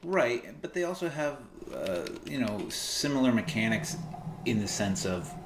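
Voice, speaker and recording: A man's voice: mid-range voice, very animated, a little slow, roomy sound, noisy background. A man casually commentating while he plays a video game, chatty, laughing often and explaining game mechanics. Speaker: player commentating on his gameplay.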